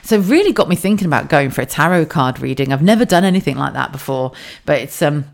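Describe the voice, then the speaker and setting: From her home office, a woman with an English accent and a low, gravelly voice hosts a casual solo podcast. She talks fast and expressively, stays chatty and open, swears freely and often breaks into laughter.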